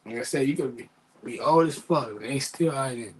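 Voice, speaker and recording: A man's voice: mid-range voice, a little fast, breathy edge, poor audio. A man telling work stories in a casual, profane, exasperated rant, repeating himself.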